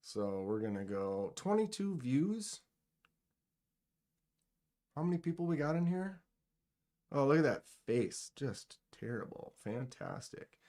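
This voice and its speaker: Hosting a giveaway on a live stream, he casually reads viewer comments and mutters to himself as he clicks through his screen. His mid-range voice has a darkish tone and is very animated, yet unhurried and full of frequent pauses.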